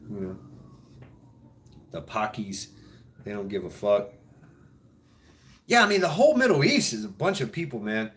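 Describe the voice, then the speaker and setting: A man's voice: medium pitch, very animated, a little slow, pauses often, fairly bright tone. Male host, loose profane rambling chat, laughs at his own jokes. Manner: mimics others in mock voices. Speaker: show host. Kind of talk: casual chat.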